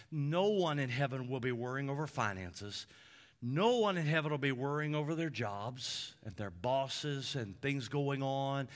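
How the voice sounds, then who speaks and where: A pastor delivers a sermon in a deliberate, unhurried cadence, his voice sitting a little high for a man. He builds repeated lists to loud, bright peaks, then drops to a near hush. The tone stays clear and forward throughout. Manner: emphatic preaching with repeated lists, swinging between loud peaks and hushed drops.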